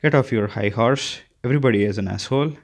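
A man voicing an imperious, sharp-tongued elderly woman who is growing confused, speaking in a querulous, haughty manner. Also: mid-range voice, fast talker, natural voice. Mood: dismissive.

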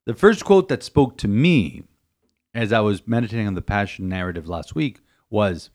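In a podcast reflection shaped like a homily, a priest dwells on scripture with emphasis, going back over phrases and often stumbling into restarts. He has a lowish, darkish voice with lively intonation and a normal speed.

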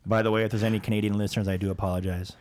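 Tipsy guest dude, jokey banter, kinda low voice. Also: male voice, flat delivery, darkish tone, a little hiss or hum. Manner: bantering, quick jokes, easy laughs. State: a bit tipsy. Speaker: podcast guest. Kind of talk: casual chat among friends.

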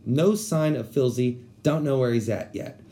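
Young man from Texas, casual storyteller: mellow tone, lively and profane. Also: mid-range voice, unhurried. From San Antonio, Texas. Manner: animated, profane, slangy.

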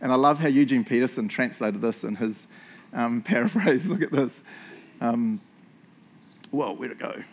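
A man's voice: mid-range voice, normal speed. A man with a New Zealand accent preaching a sermon in a church, chatty and joking, often tagging lines with "eh?" and "right?". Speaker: pastor.

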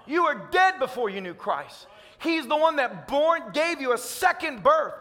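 A man's voice: very high voice, very animated, unhurried, a bit bright, long reverb tail. A man from Tennessee with a Southern accent, preaching a fervent, emphatic sermon as pastor. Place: church sanctuary.

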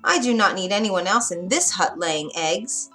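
A woman's voice: medium pitch, lively intonation, moderate pace, sharp tone, soft background music. A woman voicing a cross hen in a storybook, huffy and squawking.

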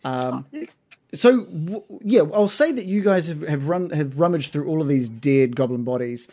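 A man's voice: fairly high pitch, animated, moderate pace, dark tone. A man narrating as game master of a tabletop game, casual and hesitant. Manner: casual, hesitant with many ums.

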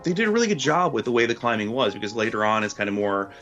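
A man with a very deep voice talks as a guest on a podcast, hesitant and full of ums and you-knows. He sounds relaxed and chatty, and faint music plays underneath. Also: very fast, dull audio. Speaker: guest critic. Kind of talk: casual podcast chat.

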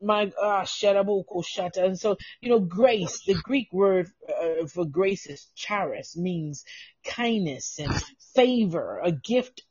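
A woman's voice: mid-range voice, animated, slow, darkish tone, slightly rough, no room sound. A woman pastor preaching a fervent, emotional sermon, tearful, crying out praise and breaking into tongues. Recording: dull lo-fi dry recording.

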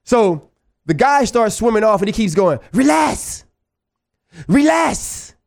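A man from New Orleans with a New Orleans accent, hosting a show and telling a long story in a casual, animated, digressive way, often checking in with "right?". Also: sits high, normal speed. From New Orleans, USA. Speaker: podcast host.

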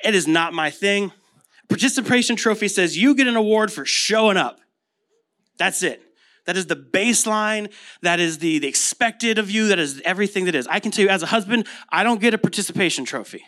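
A man's voice: high voice, animated, fairly quick, pushed and bright. A man in his thirties with an American accent, preaching a casual sermon full of stories and rhetorical questions. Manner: conversational storytelling with rhetorical questions. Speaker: pastor.

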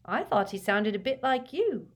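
A woman's voice: fairly high pitch, very animated, normal speed, pitched above the performer's own voice. A woman voicing an earnest, clever teenage schoolgirl in an audiobook reading, with a reproving, earnest manner. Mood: earnest reproof.

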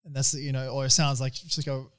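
A man, co-hosting a podcast in casual chat and swearing freely. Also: medium pitch. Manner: swears freely, fast and animated. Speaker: podcast co-host.

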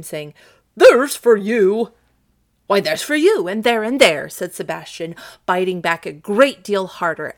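Woman storyteller, scripted narration, expressive, animated pitch, slight vocal fry. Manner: expressive, acts out the characters' lines.

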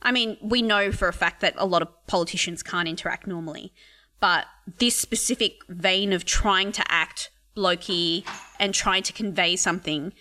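A woman's voice: lowish voice, normal speed, sharp tone. A woman in a casual political chat, telling a story with amused laughter.

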